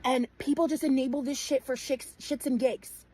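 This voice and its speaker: A woman's voice: high voice, fairly even intonation, normal speed, warm tone, poor audio. A woman giving heated, blunt commentary, swearing often and leaning on fillers. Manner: blunt and profane, frequent fillers. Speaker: streamer in a clipped commentary segment.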